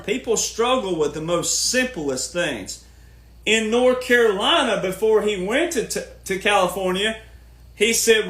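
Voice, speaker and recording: A man's voice: sits high, lively intonation, a little slow, fairly bright tone, echoey room. A man hosting a podcast, ranting casually in an emphatic, sarcastic, lecturing way. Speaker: podcast host.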